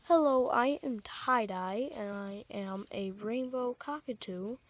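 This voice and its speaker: A woman's voice: a little high, slow pace. A woman voicing a rainbow cockatoo plush toy, brief and offhand.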